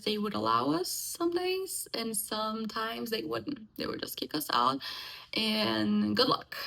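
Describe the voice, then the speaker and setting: Young Brazilian woman, Portuguese native, slightly high gravelly voice, reflective personal storytelling with halting restarts. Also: sharp tone, poor audio. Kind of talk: personal life story told casually.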